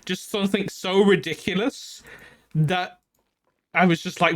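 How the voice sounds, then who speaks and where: A man with a fairly high voice, chatting casually to his stream audience. He tells his story in an animated way, swears freely and laughs through the funny parts. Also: unhurried.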